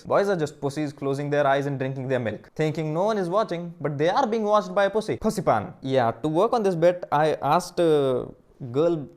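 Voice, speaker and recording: A young man doing crude stand-up comedy alone in his room into a camera. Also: a little high. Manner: crude, deadpan-to-excited comic delivery. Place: own room. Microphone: camera mic.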